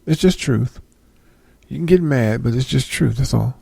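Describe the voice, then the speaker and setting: A man's voice: mid-range voice, normal speed, creaky, mellow, slightly rough, no echo. A middle-aged man giving a casual sermon, reading scripture aloud and checking with listeners for agreement. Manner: conversational, asks listeners for agreement. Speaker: preacher.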